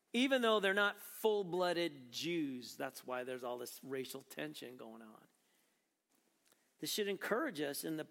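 Pastor guy preaching, highish voice, chatty then punchy questions, big echoey church hall. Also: fairly bright tone. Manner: conversational preaching, rising to emphatic questions. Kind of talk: sermon.

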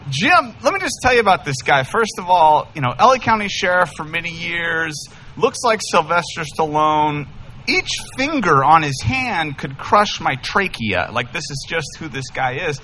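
Upbeat joking pastor guy, bright punchy voice, slightly raised pitch. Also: normal speed, a little hiss or hum. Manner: enthusiastic, humorous, animated. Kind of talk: casual storytelling sermon. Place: church sanctuary.

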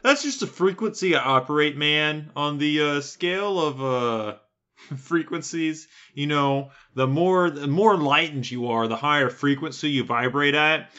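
Bright-voiced man ranting profanely. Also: a little high, measured pace, dull audio. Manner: profane, ranting, yells at times. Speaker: podcast co-host. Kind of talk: casual podcast rant.

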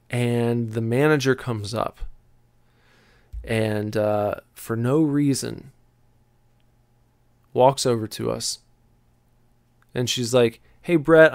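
Smooth-voiced man telling a rambling story. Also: medium pitch, no room sound, studio quality. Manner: rambling, halting, searches for words. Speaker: podcast host telling a story. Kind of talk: casual storytelling.

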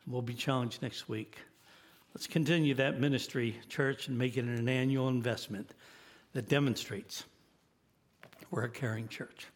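A man's voice: medium pitch, steady tone, moderate pace. A man in his eighties preaching a sermon, earnest and building to emphatic exhortation. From United States. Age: 80s. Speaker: guest preacher.

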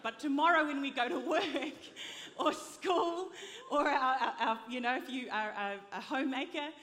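Lady preacher, high voice, fired up, big echoey hall sound. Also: moderate pace, pushed and bright, a little hiss or hum. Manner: impassioned, urges the congregation to repeat after her. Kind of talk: sermon. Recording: long reverb of a large hall.

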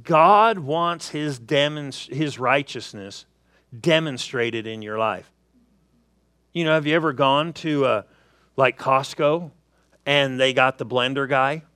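A man's voice: medium pitch, slow pace, smooth, no room sound, clean studio sound. A man preaching a sermon, telling everyday stories and acting out little asides to make his points. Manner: animated storytelling with acted asides.

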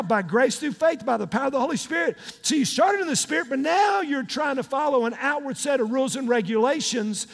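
High-voiced preacher man, shouting in a hall. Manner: folksy, emphatic preaching with sudden shouts. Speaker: pastor. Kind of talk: sermon. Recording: long hall reverb.

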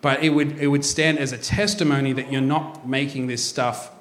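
A man hosting a casual chat, an animated storyteller who laughs often. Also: medium pitch, moderate pace. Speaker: host. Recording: echoey room with faint ambience.

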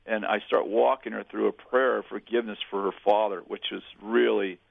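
Gravelly man telling stories down a phone line. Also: on the low side, fairly even intonation, brisk, dry recording. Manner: earnest, plainspoken storyteller with restarts. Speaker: pastor and guest. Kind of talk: storytelling in a radio interview.

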